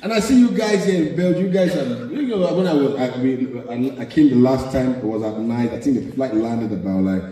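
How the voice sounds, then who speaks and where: A Nigerian man with a Nigerian accent performing animated live stand-up comedy. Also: medium pitch, a little fast, few pauses. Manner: animated, storytelling. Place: live venue hall. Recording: echoey live hall, distant mic.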